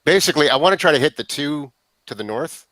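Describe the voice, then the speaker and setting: A man's voice: fairly high pitch, lively intonation, fast, fairly bright tone, no echo. A man playing a tabletop game who talks through his moves playfully and acts out sound effects. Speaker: player.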